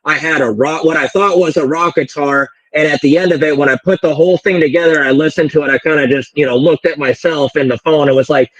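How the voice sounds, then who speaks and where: A man's voice: on the high side, steady tone, fast talker, few pauses, dry recording, rough recording. A man from Colorado with a slight country twang, a musician chatting casually on a podcast in a rambling, self-deprecating way. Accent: slight American country twang. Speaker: musician guest.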